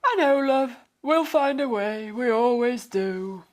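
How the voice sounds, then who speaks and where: A woman's voice: fairly high pitch, animated, slow, darkish tone. A woman voicing a worried working man who steadily reassures his wife in a read-aloud story. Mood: reassuring.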